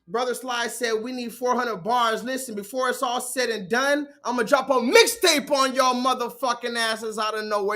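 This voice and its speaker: A man hosting a live stream who freestyles emphatic rhymes and reacts excitably to clips. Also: high voice, moderate pace, faint music behind. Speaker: rapper and live-stream host.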